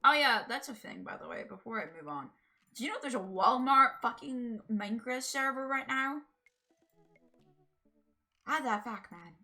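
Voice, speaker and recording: A woman's voice: fairly high pitch, lively intonation, moderate pace, creaky, pauses often, sharp tone, soft background music. A woman streamer chatting casually during a game, chatty and laughing, swearing freely. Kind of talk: casual gaming livestream chat.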